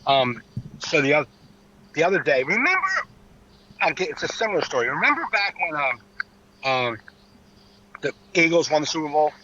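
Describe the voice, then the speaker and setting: A man's voice: on the high side, big pitch swings, normal speed, pauses often, bright, forceful tone, lo-fi sound, slight background noise. A man hosting a podcast, telling a story in a casual, profane and mocking way. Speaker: podcast host, comedian.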